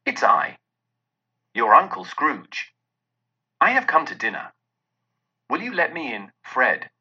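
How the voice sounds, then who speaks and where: Elderly miser, giddy and eager, voiced by a man; husky, bright, dull lo-fi recording. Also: medium pitch, huge pitch swings, slow, heavily acted. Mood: joyful. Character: elderly male miser, giddy with new joy.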